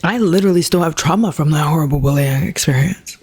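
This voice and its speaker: A woman's voice: deep voice, fast, husky. A woman voicing an indignant young woman who snaps back at an old bully. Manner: sharp, indignant. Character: young woman, bitter and defiant.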